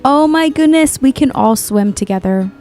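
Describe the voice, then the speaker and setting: A woman's voice: high-pitched, animated, moderate pace, a little mellow, faint music behind. A woman giving chatty, gushing commentary while playing a life-sim game, often exclaiming over what she sees. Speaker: gaming YouTuber. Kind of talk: casual gameplay commentary.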